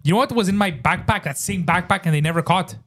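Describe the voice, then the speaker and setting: A man co-hosting a podcast, telling a story in a casual, animated way, swearing freely and saying bro a lot. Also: sits high, fast. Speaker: podcast co-host.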